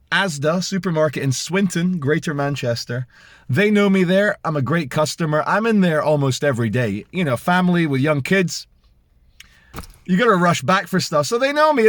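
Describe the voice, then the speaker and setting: A man in his forties with a Canadian accent, telling a story to camera in a casual, animated way and acting out the people he quotes. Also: a little high, no echo, clean studio sound. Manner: animated, acts out quoted voices, many restarts. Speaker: vlogger.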